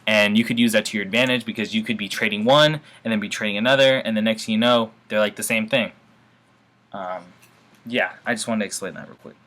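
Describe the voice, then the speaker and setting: Bright-voiced man giving a casual tutorial. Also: lowish voice, quick pace. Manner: offhand and informal, keeps calling viewers "guys", shrugs things off. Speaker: forex trading instructor. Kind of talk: casual screen-share tutorial.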